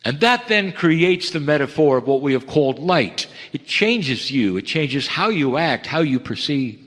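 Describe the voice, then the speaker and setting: A man delivering a channeled spiritual message in slow, heartfelt, broken phrases, rising to emphatic lines and dropping to hushed ones. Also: big pitch swings. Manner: swings between raised emphatic lines and hushed low ones. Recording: long reverb of a large hall.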